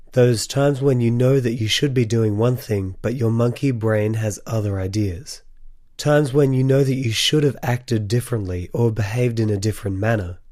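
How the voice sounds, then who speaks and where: Guy hosting his podcast solo, a bit sick from a cold, warm mellow tone, dry close sound, earnest and encouraging. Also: medium pitch, no room sound. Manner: earnest, encouraging, speaks directly to listeners. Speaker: podcast host.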